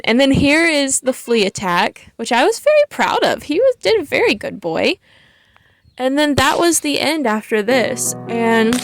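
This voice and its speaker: A woman's voice: a little high, no room sound. A woman, a dog handler, chatting through her trial video and quoting her own nervous thoughts. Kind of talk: casual voice-over commentary on a trial video.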